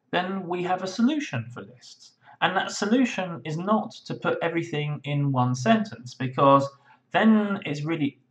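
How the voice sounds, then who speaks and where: A man teaching legal English writing in a webinar, explaining patiently and thinking aloud with frequent fillers and restarts. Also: fairly high pitch. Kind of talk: webinar lesson.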